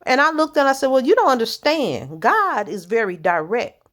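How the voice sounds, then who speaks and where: A woman's voice: on the high side, sing-song, moderate pace, fairly bright tone. Blunt, plain-spoken woman preaching. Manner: blunt, direct, street-plain talk. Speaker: church leader. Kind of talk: informal preaching.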